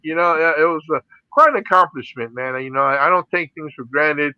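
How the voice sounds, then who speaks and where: A man's voice: a little high, brisk, highs cut off, slight background noise. A middle-aged man from the Philippines, an interview guest and radio DJ, telling his stories in a casual way, laughing often and saying "you know" a lot. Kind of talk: casual storytelling.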